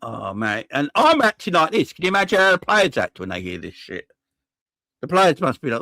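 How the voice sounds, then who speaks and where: A man's voice: medium pitch, big pitch swings, moderate pace, creaky, pushed and bright, dry recording. A man hosting a live-stream football fan channel, ranting heatedly, swearing and talking to his chat.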